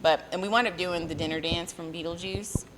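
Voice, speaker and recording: A woman's voice: lowish voice, steady tone, fairly quick. A woman in her thirties in casual conversation, telling rambling stories with lots of fillers and laughter. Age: 30s. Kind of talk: casual chat.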